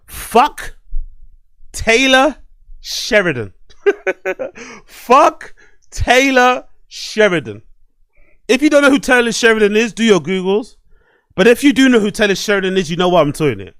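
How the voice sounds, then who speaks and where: High-voiced man ranting on a podcast. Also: no room sound, studio quality. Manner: animated, swearing, repetitive ranting. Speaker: podcast host. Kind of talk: solo commentary podcast. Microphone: desk microphone and webcam.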